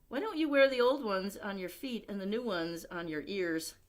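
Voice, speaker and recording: A woman's voice: medium pitch, moderate pace, lightly acted. Helpful storybook boy, read by a woman. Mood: suggesting.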